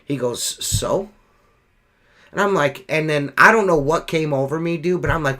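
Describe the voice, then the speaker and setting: A man's voice: fairly high pitch, normal speed, sharp tone. Fired-up, foul-mouthed man. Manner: profane, heated storytelling. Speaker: window cleaner telling a story on a podcast. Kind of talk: casual chat.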